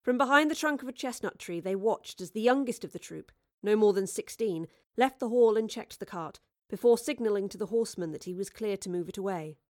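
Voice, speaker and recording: A woman reading a novel aloud in measured, even scripted narration, close to the microphone. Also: medium pitch, no echo. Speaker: audiobook reader.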